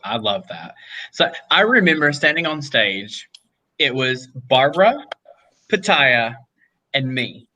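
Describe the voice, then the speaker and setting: A man in casual chat, fondly reminiscing about a pageant moment and slowing down on key words. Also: mid-range voice, very animated, pushed and bright, slight background noise, rough recording.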